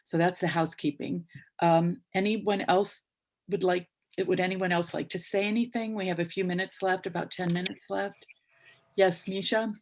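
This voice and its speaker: A woman hosting a memorial on a video call, polite and a little halting, with many fillers as she manages the call. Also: on the low side, fairly even intonation, a little mellow. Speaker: memorial host.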